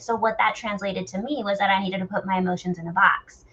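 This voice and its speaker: A woman in a candid group discussion, talking bluntly and animatedly and questioning herself out loud. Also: mid-range voice, fairly even intonation, fast, dull audio.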